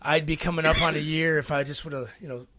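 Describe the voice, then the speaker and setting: A man co-hosting a podcast in casual chat, excitable and stammering as he rambles. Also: on the high side, fast talker, no echo. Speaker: podcast co-host.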